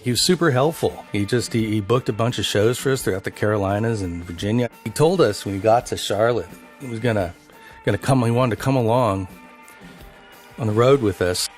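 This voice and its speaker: A man's voice: on the low side, a little fast, faint music behind. A man from a band telling a profane road anecdote in a documentary interview. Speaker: band member.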